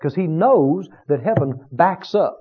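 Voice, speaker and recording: Fervent high-pitched preacher man. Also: animated, measured pace, slightly rough, dull audio. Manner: fervent, rising to shouted repeated phrases. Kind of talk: sermon.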